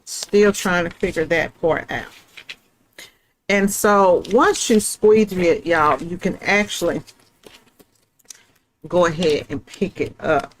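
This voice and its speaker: A woman's voice: fairly low pitch, slow pace, long pauses, a little hiss or hum, poor audio. A middle-aged woman, hosting a live print-shop stream in a chatty, folksy way and talking straight to her viewers. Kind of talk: casual live craft demonstration.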